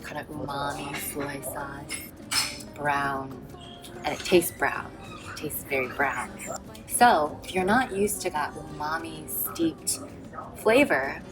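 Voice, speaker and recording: Low-voiced woman savoring food on camera. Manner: enthusiastic, savoring, murmurs and hums between bites. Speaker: food vlogger. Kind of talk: casual food tasting vlog.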